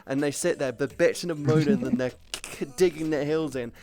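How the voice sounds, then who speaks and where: A man's voice: a little high, fairly quick. A man streaming and chatting casually, swearing often and telling stories with energy. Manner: swears a lot, animated storytelling. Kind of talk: casual chat.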